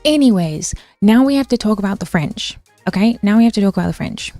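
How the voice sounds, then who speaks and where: A woman's voice: mid-range voice, expressive, fast, mellow, no room sound, soft background music. A young woman streaming, rambling through a casual linguistics rant with lots of fillers and restarts while answering chat.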